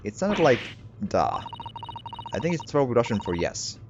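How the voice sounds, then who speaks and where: A man's voice: mid-range voice, measured pace. A man commenting while playing a game, rambling in stammering, joking asides. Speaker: game streamer. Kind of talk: let's play commentary. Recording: slightly muffled, steady hiss behind.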